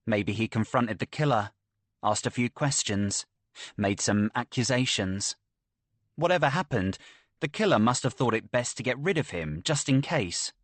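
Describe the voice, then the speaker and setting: A young adult man narrating a first-person thriller audiobook with expressive, tense storytelling. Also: mid-range voice, moderate pace, no echo.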